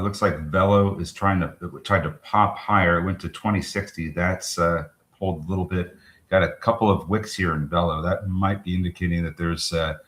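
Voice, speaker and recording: A man co-hosting a live trading show, talking through charts in a chatty, halting way. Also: deep voice, fairly bright tone. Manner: chatty, halting, restarts with fillers, quick laughs. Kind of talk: live market commentary. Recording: roomy echo.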